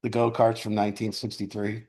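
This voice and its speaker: A man's voice: lowish voice, monotone, fairly quick, a little mellow. A middle-aged man leading a recovery group, telling candid stories with crude humor and laughter. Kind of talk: group sharing talk.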